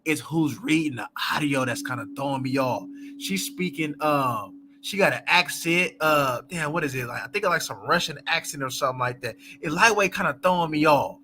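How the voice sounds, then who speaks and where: A man's voice: fairly high pitch, normal speed, pushed and bright. A man hosting a casual live book chat, talking loosely with many fillers and asides and laughing often between thoughts.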